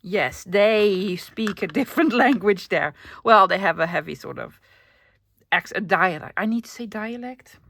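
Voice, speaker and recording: Dutch woman, crafting host, casual self-narration, soft asides, mid pitch. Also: animated, a little slow, dry recording. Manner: chatty, self-narrating, often drops to a soft whisper.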